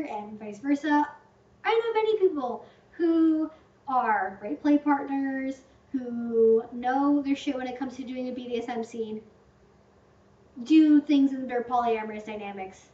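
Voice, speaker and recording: A woman's voice: sits high, darkish tone. A woman hosting a casual livestream Q&A, talking in a chatty, rambling way with lots of "like" and playful hyperbole. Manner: chatty, rambling, heavy use of "like", fond of hyperbole. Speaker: channel host answering viewer questions. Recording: echoey room, distant muffled mic.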